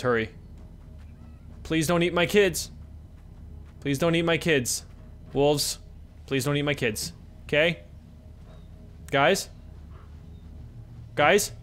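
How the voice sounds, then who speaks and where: This let's-play commentary comes from a young man with a mid-range voice, who moves between eager yelps and quiet murmurs. He swears in a casual way while urging his in-game kids on.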